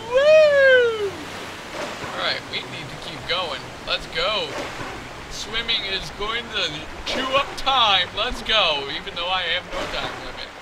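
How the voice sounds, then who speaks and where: A man giving goofy, jokey gameplay commentary, excitable and crude, as host of a let's play. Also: high voice, background noise. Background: game music.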